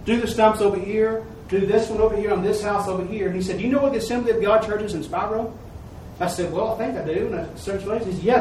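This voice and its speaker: A man's voice: high-pitched, a little hiss or hum. A man giving a folksy sermon testimony at a church service, telling a story and acting out the quoted dialogue. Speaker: lay preacher. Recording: echoey room, mic far off.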